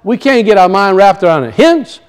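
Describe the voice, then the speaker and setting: A man's voice: a little fast, smooth, poor audio. A middle-aged man preaching a sermon, swinging his voice up and down, repeating phrases and acting out quoted voices. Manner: animated preaching, rises and drops in pitch, acts out quoted voices; repeats and restarts phrases for emphasis.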